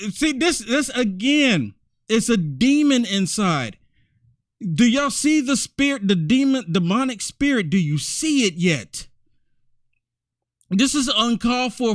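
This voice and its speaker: A man's voice: very high voice, no echo, clean studio sound. A man hosting a commentary show, talking in a mocking, repetitive way. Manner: mocking, repetitive, many "I mean"s. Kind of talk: political commentary monologue.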